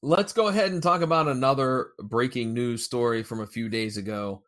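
A man hosting a casual podcast, chatting about wrestling news and jumping between loud and quiet remarks. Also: medium pitch, moderate pace. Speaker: podcast host.

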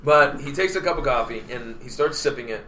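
A man's voice: medium pitch, a little fast, heavy background noise. A man in casual chat, telling a story animatedly and acting out the quotes.

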